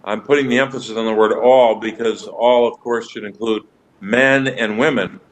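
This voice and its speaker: A man, a senator joining remotely, making formal, deliberate remarks to a nominee at a hearing. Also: medium pitch, steady tone, low-quality recording. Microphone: remote video link.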